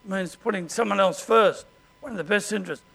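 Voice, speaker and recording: An Australian man preaching a sermon as pastor, in a conversational way and often clearing his throat. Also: high-pitched, a little fast, sharp tone.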